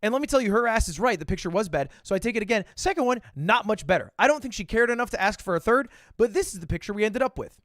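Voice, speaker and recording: A man's voice: sits high, animated, fast, few pauses, fairly bright tone, no room sound, clean studio sound. A male streamer telling a story in a casual, self-deprecating way, swearing freely.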